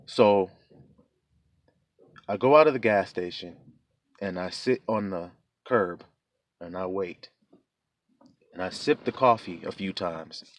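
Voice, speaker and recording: A man's voice: low-pitched, takes it slowly, pauses often. Earnest man giving a heartfelt testimony. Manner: casual, plain-spoken. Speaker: preacher giving a personal testimony. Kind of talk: emotional testimony and preaching.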